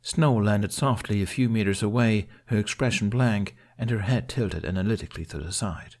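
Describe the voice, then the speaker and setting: Male narrator for a fan fiction audiobook, low-pitched, steady delivery. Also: normal speed, few pauses. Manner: steady, storytelling.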